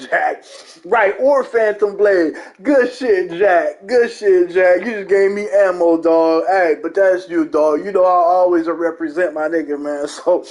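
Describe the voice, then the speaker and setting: A man's voice: high-pitched, unhurried, a little mellow. A young man hosting his gaming channel, giving a profane, mocking, emphatic rant about games. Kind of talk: ranting gaming commentary.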